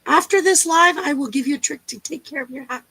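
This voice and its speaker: A woman's voice: high voice, brisk, creaky, pushed and bright, poor audio. A woman from Canada co-hosting a livestream, chatting casually with playful teasing jokes. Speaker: co-host.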